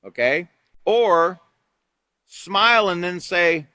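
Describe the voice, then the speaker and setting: Bright-voiced man leading a teacher training. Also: high-pitched, takes it slowly, clean tone, no echo. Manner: reads from a manual, then explains with lively examples. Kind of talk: live online training lesson.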